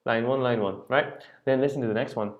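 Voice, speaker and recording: A man's voice: medium pitch, steady tone, brisk, dull audio. A man teaching a singing lesson, patiently explaining rhythm and singing short phrases to demonstrate.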